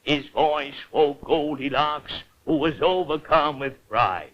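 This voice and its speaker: A man's voice: fairly high pitch, takes it slowly. A man narrating a fairy tale in an old cartoon, in a lilting storyteller manner. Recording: dull old cartoon soundtrack with faint hiss.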